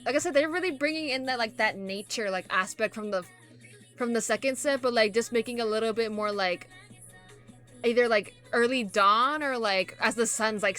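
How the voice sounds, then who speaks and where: A woman reacting casually to photos, rambling and full of fillers, gushing with excitement. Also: medium pitch. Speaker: K-pop reaction vlogger.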